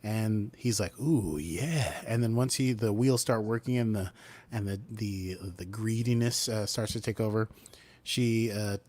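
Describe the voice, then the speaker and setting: A man's voice: lowish voice, moderate pace. A man co-hosting a podcast, recapping a TV episode in casual chat and acting out the characters' lines as he goes. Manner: animated, acts out character lines while recapping. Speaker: podcast co-host.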